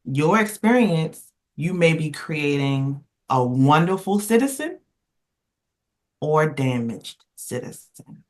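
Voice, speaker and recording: A woman's voice: low voice, slow pace. Emphatic woman telling stories in a roundtable. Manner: emphatic, animated storyteller who rambles and restarts. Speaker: roundtable panelist. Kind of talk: casual podcast roundtable discussion.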